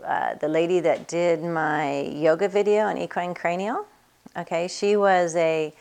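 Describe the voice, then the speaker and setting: Low gravelly woman telling chatty stories. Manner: chatty, acts out other people's voices in quotes, laughs often. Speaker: equine bodywork practitioner and teacher. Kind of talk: casual anecdotal storytelling.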